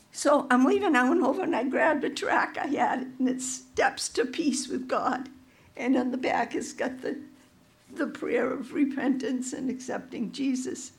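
A woman giving an emotional, heartfelt testimony at a church service, telling her story in an animated way. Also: high voice, normal speed, gravelly.

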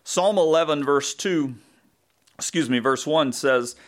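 A man's voice: a little high, a little slow. A man with a Southern US accent, a pastor preaching a conversational sermon, thinking aloud with asides and self-corrections.

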